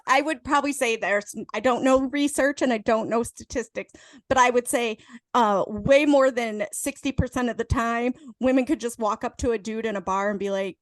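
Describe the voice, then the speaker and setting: Female co-host, high-pitched, teasing, laughs a lot, dry recording. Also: moderate pace, no echo. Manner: teasing, laughs often, argues back. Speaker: podcast co-host. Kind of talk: casual drunk movie review chat.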